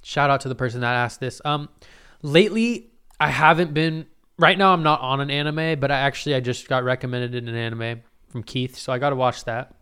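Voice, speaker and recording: A young man answering viewer questions in a casual vlog, swearing freely and talking in animated, exclamatory bursts full of fillers. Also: medium pitch, a little fast, clean tone. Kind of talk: casual Q&A storytelling.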